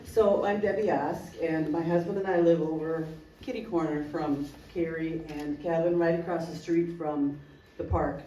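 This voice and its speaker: A woman's voice: sits low, fairly even intonation, moderate pace, few pauses, mellow, lo-fi sound. A woman, a local resident, telling an emotional personal story at a community meeting, acting out the dialogue vividly. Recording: roomy hall, distant mic, faint noise.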